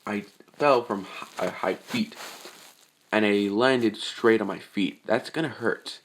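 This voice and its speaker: A man's voice: lowish voice, slow, slight background noise. A man voicing a young male hero who speaks bluntly and matter-of-factly.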